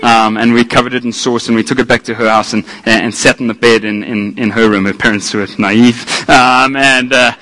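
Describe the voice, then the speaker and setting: A man preaching a sermon, animated and self-deprecating, swinging from quiet asides to loud exclamations. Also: medium pitch, moderate pace, hardly any pauses, poor audio. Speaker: pastor.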